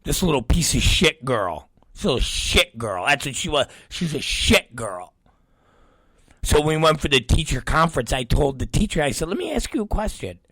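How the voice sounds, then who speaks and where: A middle-aged man with a mid-range voice and a breathy edge hosts his show at a moderate pace, with no room sound. He animatedly tells a profane story, acting out quoted voices and swearing constantly.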